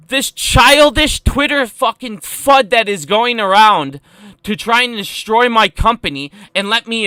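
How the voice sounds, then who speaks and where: A man's voice: very high voice, pushed and bright, dry recording. A man ranting heatedly on a live stream, profane and emphatic as he talks about stocks.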